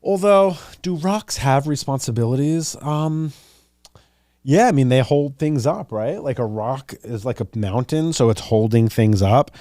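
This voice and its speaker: A young man hosts his own podcast alone, thinking out loud in a loose, rambling way full of "like" and "you know". His voice is dark and mellow, recorded close and dry. He is earnest and openly emotional about his ideas. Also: mid-range voice, expressive, a little slow, no room sound. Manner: earnest, gets emotional and teary. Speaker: podcast host. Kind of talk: casual solo podcast musing.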